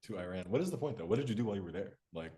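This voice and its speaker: A man from the United States interviewing a guest in relaxed chat, laughing often and swearing casually. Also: on the low side, rapid-fire.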